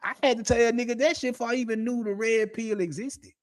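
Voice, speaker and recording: A man's voice: very high voice, fairly even intonation, fast talker. A man hosting an unscripted monologue, blunt and profane, laughing often as he talks. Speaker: podcast host.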